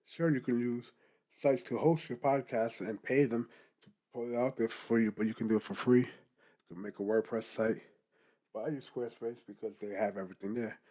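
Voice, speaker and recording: A young man, a podcaster, giving casual advice straight to the camera in a lively, animated way. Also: mid-range voice, moderate pace. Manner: animated, talks straight to the viewer, keeps asking "guess what?".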